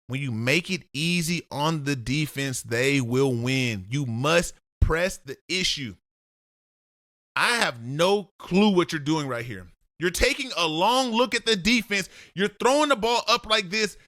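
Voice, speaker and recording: A man's voice: high voice, bright, forceful tone, dry recording, clean studio sound. A man breaking down game film as a football analyst, blunt and lecturing, talking straight at the player he critiques.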